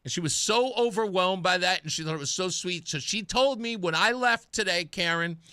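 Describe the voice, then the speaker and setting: Middle-aged male radio host, chatty storyteller, bright and animated, dry studio sound. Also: sits high, normal speed, clear, resonant tone, no echo. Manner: chatty storyteller, laughs at himself. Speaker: radio talk show host. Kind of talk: casual radio monologue.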